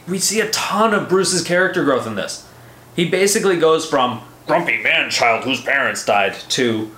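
A man hosting a casual comic book review podcast, excitable and profane, rambling with lots of fillers. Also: medium pitch, echoey room.

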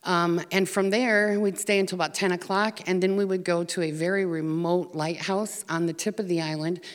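American woman, low-ish voice, earnest storyteller with fillers, reverberant hall. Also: steady tone, normal speed. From United States. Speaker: speaker telling of volunteer work. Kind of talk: personal story talk.

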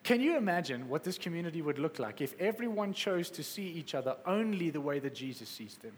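Man, sermon, passionate preaching, fairly high voice, long echo of a big hall. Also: sing-song, fairly quick, slight background noise. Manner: passionate, rising to exclamations then dropping soft.

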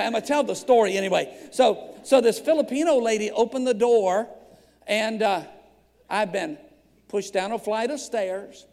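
A pastor in his fifties preaches with a gravelly, high voice, moving from humorous stories to fervent calls. His voice rings out in a long church-hall reverb. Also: a little mellow. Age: 50s. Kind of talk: sermon.

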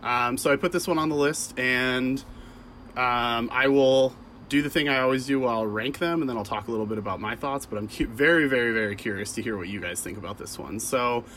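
A man's voice: mid-range voice, a little fast, a bit bright, slight background noise. A man co-hosting a film podcast, rambling and self-deprecating with many fillers. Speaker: podcast co-host. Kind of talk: casual chat.

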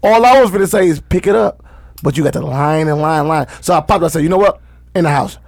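A man's voice: fairly high pitch, fast talker, gravelly, a little mellow, no room sound. A man in casual chat, bluntly telling stories and re-enacting arguments. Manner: blunt storyteller, re-enacts arguments with his sons.

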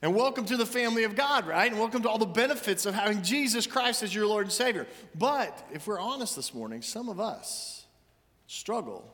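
A man's voice: high voice, fairly bright tone, big-room sound. A man, a senior minister, preaching a sermon and reading scripture aloud with earnest, rising emphasis. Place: church sanctuary.

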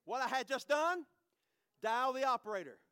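A middle-aged man, preaching a personal testimony, swinging from hushed to loud and repeating phrases. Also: very high-pitched, expressive, normal speed, a little hiss or hum. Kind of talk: sermon testimony.

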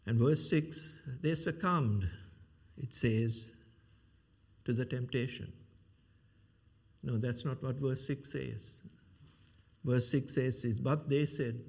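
A man's voice: mid-range voice, slow, vocal fry, long pauses. A man preaching a sermon, retelling a Bible story with rhetorical questions and frequent fillers.

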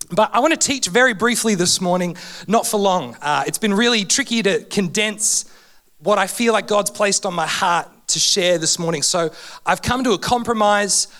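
Aussie guy preaching in church, highish voice, funny and emotional, voice swinging up and down. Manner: animated, humorous, emotional preaching with big pitch swings. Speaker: guest preacher. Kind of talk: sermon. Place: church hall.

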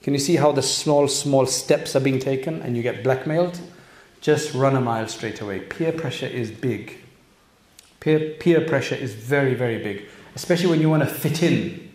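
A man's voice: medium pitch, moderate pace, a little mellow. A man giving an earnest religious talk to young people, direct and full of rhetorical questions. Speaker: Islamic speaker addressing youth and parents. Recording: echoey room.

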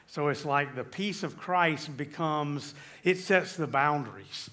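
A man's voice: fairly high pitch, slow, few pauses, sharp tone. A man preaching a sermon on relationships, reading verses and asking his listeners questions. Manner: teaching with scripture, asks the audience questions. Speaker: pastor.

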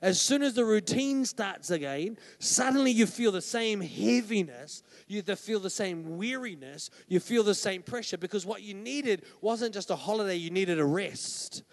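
A man's voice: sits high, expressive, normal speed, few pauses. A man preaching a sermon as pastor, conversational and emphatic, often checking in with "right?". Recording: long hall reverb.

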